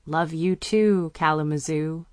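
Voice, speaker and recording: A woman voicing a worried, affectionate mother who talks softly and gently to her teenage daughter. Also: mid-range voice, measured pace, no echo, studio quality, lightly acted. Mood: tender. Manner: soft, affectionate.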